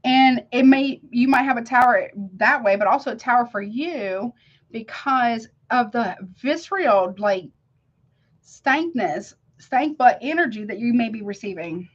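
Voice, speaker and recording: A woman's voice: a little high, animated, unhurried, dull audio. Slangy, emphatic woman reading tarot. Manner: emphatic, slangy, keeps asking "you see what I'm saying?". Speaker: tarot reader. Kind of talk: casual tarot reading to camera.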